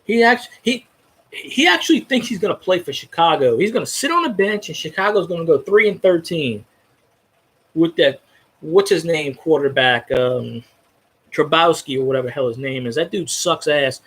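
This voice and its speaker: A man's voice: fairly high pitch, animated, moderate pace, a bit bright, husky. A man ranting bluntly about football in a casual chat, swearing freely and restarting his sentences as he goes. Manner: profane, blunt, rambling with restarts. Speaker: sports fan commentator.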